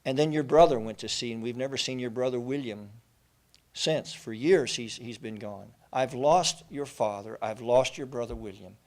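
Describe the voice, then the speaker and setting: A man's voice: mid-range voice, moderate pace, a little mellow, natural voice. A man voicing a grieving mother who begs her son not to go to sea, in a raised, pleading voice.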